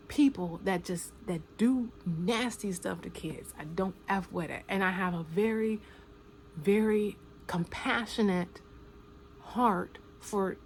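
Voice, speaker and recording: A woman giving casual spoken commentary, talking emphatically with slang, repeating phrases for stress and sometimes dropping to a hushed near-whisper. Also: on the low side, a little hiss or hum.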